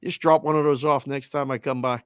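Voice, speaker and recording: A man with a Boston accent co-hosting a casual sports show, telling an animated story over a video call and acting out both sides of the conversation. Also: medium pitch, fairly quick, clear, resonant tone, no echo, studio quality. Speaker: co-host of a sports betting show. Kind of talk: casual chat.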